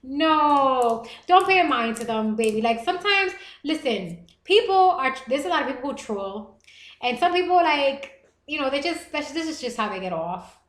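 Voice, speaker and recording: A young American woman hosting a livestream podcast, chatting casually with viewers in a playful, animated way. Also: high-pitched, normal speed. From United States. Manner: animated and playful, with gasps and bursts of laughter. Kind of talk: casual livestream chat reading viewer comments. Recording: echoey room.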